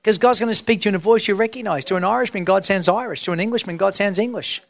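A man's voice: sits high, rapid-fire, gravelly, a bit bright, no room sound. A middle-aged man preaching a sermon as senior pastor, emphatic and drawn out, asking the crowd rhetorical questions. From Australia.

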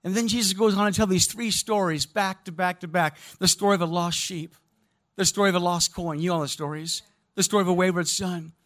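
A man preaching a sermon, telling stories in an animated way and speaking directly to his congregation. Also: high voice, fairly quick. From American Midwest. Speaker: pastor.

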